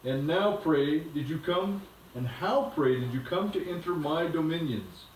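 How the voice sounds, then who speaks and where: A man reading a storybook aloud, voicing a cold, imperious woman queen who speaks slowly and commandingly. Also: on the high side, expressive, a little mellow, slight background noise. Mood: suspicious. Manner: commanding and slow. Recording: echoey room from a distance.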